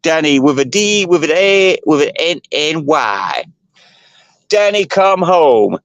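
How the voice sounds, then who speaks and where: A man's voice: fairly high pitch, big pitch swings, a little slow, fairly bright tone, no room sound. A man hosting his channel, ranting in a rambling, gossipy and profane way. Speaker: channel host. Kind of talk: rambling livestream rant.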